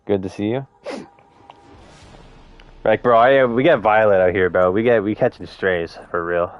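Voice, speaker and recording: A man's voice: low-pitched, unhurried, pauses often, clean tone, no echo, lo-fi sound. A young man chatting casually to viewers while live-streaming a game, with laid-back slang and frequent swearing. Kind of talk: casual gaming stream chat.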